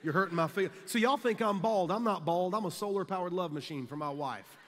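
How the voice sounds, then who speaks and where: A man, telling jokey stories in an energetic sermon to students in a large conference hall. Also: high-pitched, fast talker, slight background noise. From South Carolina, US. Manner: energetic, jokey, builds to shouts. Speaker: youth conference speaker. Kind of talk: humorous storytelling sermon.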